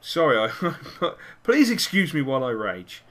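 A man's voice: mid-range voice, a little slow. A man, host of a gaming channel, commentating live on a football video game and cheering and swearing at his players. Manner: excitable, cursing and cheering at the game.

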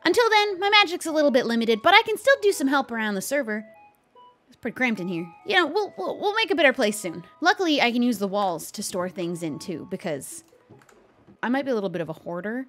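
A woman's voice: fairly high pitch, big pitch swings, fast, fairly bright tone, faint music behind. Bubbly woman playing a humble witch. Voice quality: bubbly, chatty, self-deprecating. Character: humble young witch, eager to help. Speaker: roleplay series host in character as a witch. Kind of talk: in-character roleplay narration.

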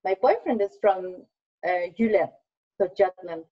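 A woman from Copenhagen with a Danish accent, a language teacher talking on a video call, laughing often and pausing with fillers. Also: mid-range voice. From Denmark, Copenhagen. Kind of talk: casual video call chat. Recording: dull lo-fi video call audio.

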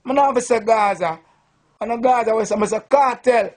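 A man's voice: extremely high pitch, brisk. A Jamaican man, a sound system selector, drunk and boasting in a rambling, profane rant to the camera.

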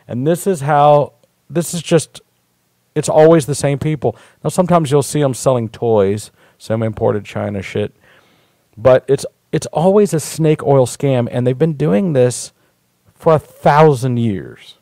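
Here the talk show host speaks at medium pitch and a measured pace, his tone mellow and the recording dry. He rambles through stories live on stream, casual, blunt and profane.

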